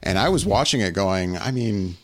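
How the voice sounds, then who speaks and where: A man's voice: sits low, expressive, normal speed, no echo. A man hosting a podcast, chatting casually and rambling, with many fillers and restarts. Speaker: podcast host. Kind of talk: casual chat.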